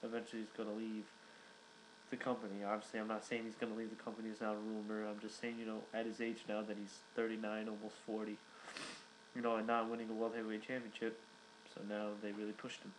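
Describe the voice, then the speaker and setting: Young male reviewer, rambling casual recap, low monotone voice. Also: fast, a little hiss or hum, low-quality recording. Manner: rambling, many fillers and restarts. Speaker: wrestling reviewer.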